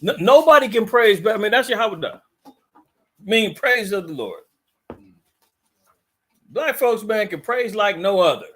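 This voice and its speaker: A man's voice: high voice, big pitch swings, unhurried, long pauses, fairly bright tone. A man leading a conversational Bible teaching, fiery and mocking in a preachy way.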